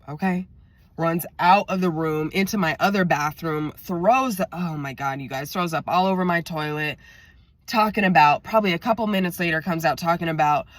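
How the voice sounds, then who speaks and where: A woman's voice: lowish voice, moderate pace, dry recording. A woman vlogger telling a story in a chatty way, talking straight to her viewers and acting out what was said. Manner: chatty, addresses viewers directly, acts out quotes. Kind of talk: storytelling vlog.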